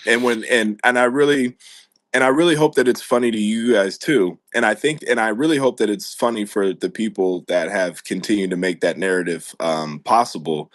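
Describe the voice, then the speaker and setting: Male American podcast host, very deep, dry close sound, loose rambling chat with frequent laughs. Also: moderate pace, dry recording. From United States. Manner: rambling, laughs often, restarts sentences.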